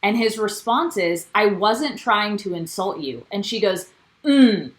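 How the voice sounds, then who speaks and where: A woman's voice: mid-range voice, unhurried, low-quality recording. Chatty woman co-hosting a recap. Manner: animated, quotes cast members. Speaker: co-host. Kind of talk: casual recap chat.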